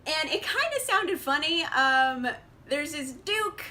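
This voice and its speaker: This book vlogger is a young woman with a high, very animated voice that sounds pushed and bright, speaking at a slow pace. She chats casually and bubbly about her book haul, full of fillers and laughs, on an indoor camera mic.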